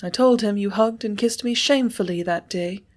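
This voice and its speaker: A woman voicing a passionate young ranch woman in an audiobook, speaking in a tremulous, halting, breathless way. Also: mid-range voice, voice pushed up, natural voice. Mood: insistent. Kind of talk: audiobook character reading.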